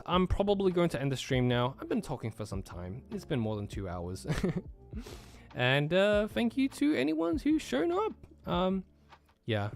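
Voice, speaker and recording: Man, American accent, live-stream chat, lively pitch, laughs a lot, faint music behind. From Australia. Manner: laughs often, easygoing, trails off with fillers. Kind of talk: casual live-stream chat, reading chat questions.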